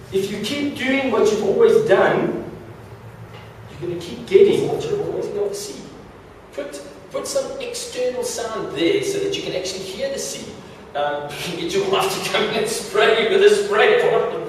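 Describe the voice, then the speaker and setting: Guy doing a motivational stage talk, kinda highish voice, cracks jokes and trips over his words, big boomy hall, mic far off. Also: a little mellow, slight background noise. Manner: playful, joking, repeats words in quick restarts. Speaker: motivational speaker. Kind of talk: stage talk with audience interaction. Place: large hall before an audience.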